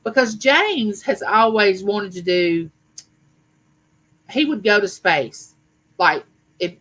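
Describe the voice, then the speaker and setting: Woman in her fifties hosting a live chat; bright voice, chatty and rambling, frequent fillers. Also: mid-range voice, poor audio. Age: 50s. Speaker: livestream host. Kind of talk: casual live chat reading viewer comments.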